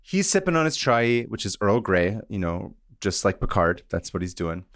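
A man co-hosting a podcast, telling a story in a casual, animated, joking way. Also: fairly low pitch, moderate pace. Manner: animated, joking, drops into voices. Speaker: podcast co-host.

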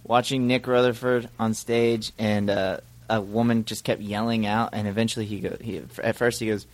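A man's voice: on the low side, flat delivery, normal speed, no room sound. A man guesting on a comedy podcast, telling an anecdote and laughing as he goes. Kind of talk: casual comedic chat. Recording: loud background noise.

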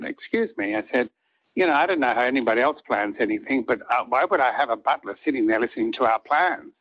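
An older man with a husky voice, a soap opera actor telling rambling anecdotes in an interview and acting out what others said. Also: mid-range voice, muffled recording. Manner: rambling, acts out quoted lines of others.

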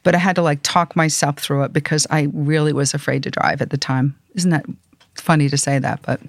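A middle-aged woman from New York, a podcast guest telling animated stories and acting out the voices of people she quotes. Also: low-pitched, brisk, creaky, no echo, studio quality. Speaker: interview guest. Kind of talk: casual storytelling.

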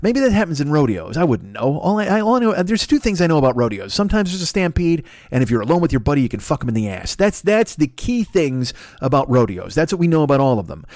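A man's voice: a little high, very animated, fast, hardly any pauses, darkish tone, dry recording, studio quality. An older man hosting a solo podcast, rambling through crude, self-mocking riffs into a desk mic plugged into a laptop. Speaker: podcast host. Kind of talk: profane solo podcast monologue.

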